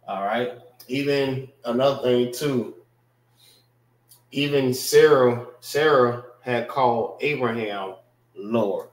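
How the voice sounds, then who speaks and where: A man teaching an informal class, explaining words slowly, often checking in with "all right" and speaking. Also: mid-range voice, roomy sound, poor audio. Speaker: class instructor.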